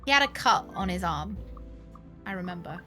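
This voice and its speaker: A woman's voice: lowish voice, lively intonation, moderate pace, bright, forceful tone, soft background music. A woman, chatting casually and thinking aloud while streaming a video game. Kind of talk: casual gameplay commentary.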